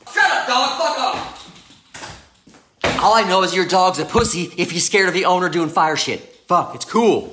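A man talking in an unscripted vlog from his home garage, brash, loud and hyped, swearing constantly. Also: high voice. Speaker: mindset coach and vlogger. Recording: roomy garage echo.

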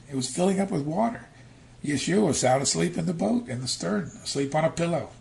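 A man preaching a sermon, telling stories with animated, shifting emphasis, from near-whispers to loud stresses. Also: a little high, fairly quick, creaky. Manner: animated storytelling, acting out quotes.

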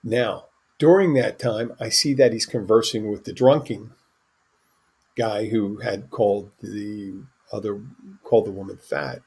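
Man, podcast host, husky, lowish voice, rambling anecdotes, casual storytelling. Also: steady tone, measured pace, darkish tone. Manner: rambling anecdotal delivery with restarts and asides.

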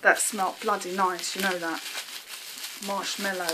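A woman's voice: mid-range voice, level tone, a little slow, background noise. An English woman vlogging an unboxing, gushing with thanks in casual chat. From England.

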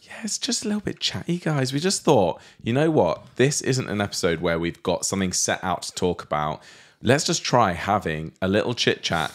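A man co-hosting a podcast from his living room, chatty and animated, quick to laugh. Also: lowish voice. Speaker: podcast co-host. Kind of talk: casual chat.

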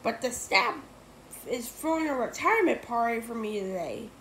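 A woman's voice: fairly high pitch, lively intonation, normal speed, voice pushed up. Woman doing a stern bossy old schoolteacher. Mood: snappy. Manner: bossy, shouting orders at the class. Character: stern, grumpy female schoolteacher near retirement. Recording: roomy echo, faint noise.

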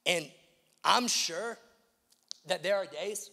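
A man preaching in a large church auditorium, his voice sitting high for a man. He swings between hushed lines and loud, emphatic repetition, asking the congregation direct questions. His words ring out with a long reverb off the hall. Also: slow pace, gravelly. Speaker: pastor. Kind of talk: sermon.

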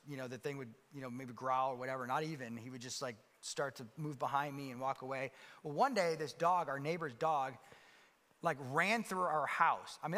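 Man, pastor, sermon, bright forceful voice, conversational with fillers, long hall echo. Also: a little high. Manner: conversational storytelling with many fillers and restarts. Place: church sanctuary.

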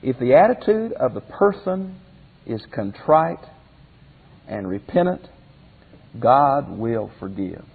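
A man's voice: medium pitch, big pitch swings, slow pace, gravelly, long pauses, husky. Folksy male Bible teacher, tinny hall. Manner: folksy, asks rhetorical questions. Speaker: pastor teacher. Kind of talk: Bible commentary lesson.

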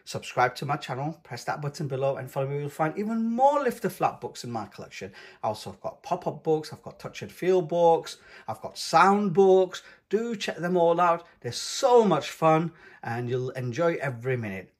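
A man reading a children's picture book aloud in an expressive way. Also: on the high side. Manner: slow, expressive and lively. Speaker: storybook reader. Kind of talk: children's read-aloud narration.

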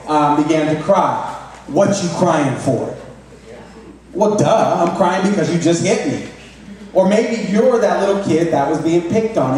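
A male pastor preaching a conversational sermon in a church, halting often with restarts and fillers. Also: on the high side, darkish tone, a little hiss or hum. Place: church sanctuary. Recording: very echoey room, mic at a distance.

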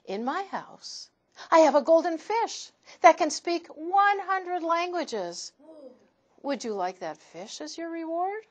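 A woman's voice: very high-pitched, sing-song, slow pace, pitched above the performer's own voice, heavily acted. A woman reading aloud and voicing an anxious rich man in a children's storybook, pleading in a raised voice. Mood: grateful.

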